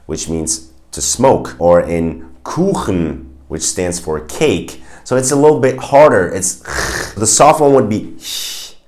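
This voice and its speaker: A man with a German accent teaching a language lesson, clearly and patiently explaining pronunciation and grammar with spoken examples. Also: on the low side, lively intonation, a little slow, few pauses, darkish tone.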